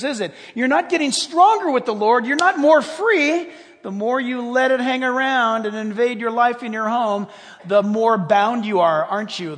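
Man, pastor, sermon, emphatic, rhetorical questions, high voice, echoing hall. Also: fairly bright tone.

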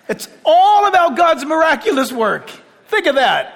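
A man preaching a sermon with passion, shouting at points and making sarcastic asides. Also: very high voice, big pitch swings, a little slow, vocal fry, big-room sound.

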